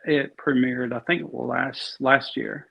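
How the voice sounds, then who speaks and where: A man's voice: medium pitch, fairly even intonation, slow, creaky, husky. A man being interviewed as an actor, talking easily and rambling with many fillers and restarts. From Alabama. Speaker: actor guest. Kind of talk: casual interview chat. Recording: dull lo-fi sound.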